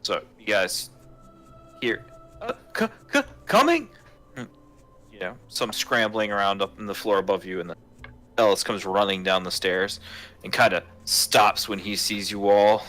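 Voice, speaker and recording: A man with a low voice narrates a tabletop game as its game master. His tone is bright and forceful, and he rambles with plenty of fillers. Faint music plays underneath. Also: flat delivery, moderate pace. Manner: rambling, hesitant, many fillers.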